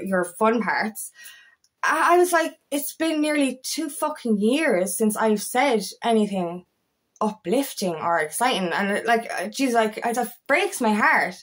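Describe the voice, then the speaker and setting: A woman's voice: sits high, fairly bright tone. A woman coaching others in an impassioned vlog monologue, emphatic and full of swearing, repeating herself to drive her points home. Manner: emphatic and heavily profane, with insistent repetition. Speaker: feminine empowerment coach.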